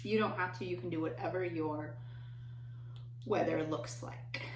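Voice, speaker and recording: A woman teaching a remote lesson to young children, speaking in a slow, patient, encouraging way. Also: fairly low pitch, steady tone. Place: home. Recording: echoey room, faint noise.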